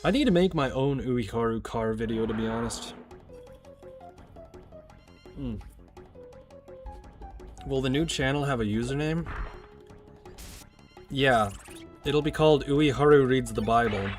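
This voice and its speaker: Guy streaming a game, rambling and swearing, faint music behind, mid pitch. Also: measured pace, long pauses. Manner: rambling, profane, jokey asides. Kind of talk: casual chat while gaming.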